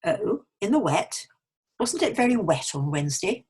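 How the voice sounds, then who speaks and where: A woman's voice: mid-range voice, very animated, moderate pace, a little mellow, slightly rough. A woman reading as a curious young woman who keeps asking her friend questions, in a scripted pronunciation-lesson dialogue.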